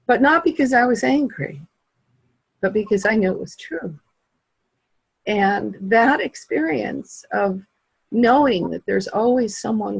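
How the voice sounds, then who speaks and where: A woman telling a heartfelt personal story in a halting way with long pauses, tearful, over a video call. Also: mid-range voice, creaky, husky, no room sound, low-quality recording.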